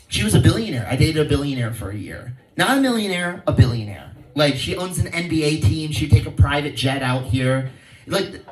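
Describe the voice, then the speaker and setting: Laid-back stand-up comic on stage. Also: male voice, on the high side, distant mic. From Hawaii. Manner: laid-back storytelling, acts out quoted people in raised voices. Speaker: stand-up comedian. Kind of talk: stand-up comedy set. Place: outdoor venue with a live crowd. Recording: echoey, from off-mic, audible crowd.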